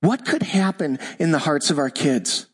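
Male pastor, 50s, high-ish voice, emphatic sermon delivery with slow, weighty repeated lines. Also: animated, breathy edge. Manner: emphatic preaching, slowing down for scripture and repeated declarations. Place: church.

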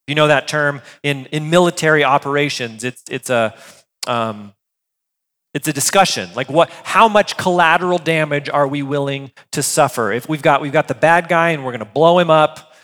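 A man preaching a sermon in a conversational, animated way, reading scripture and then explaining it with everyday asides. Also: on the high side, long reverb tail. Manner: conversational, animated, with filler words and restarts. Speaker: pastor.

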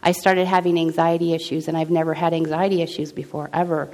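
A woman's voice: low voice, little pitch movement, fast talker, a little mellow. A middle-aged woman gives an earnest personal testimony about her faith. She talks in a loose, conversational way and often restarts her sentences. She acts out the dialogue as she tells the story. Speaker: speaker sharing a personal testimony.

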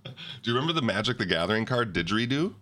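A man's voice: fairly low pitch, very animated, quick pace, fairly bright tone. A man hosting a podcast in casual chat, rambling and joking as he tells stories. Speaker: podcast host.

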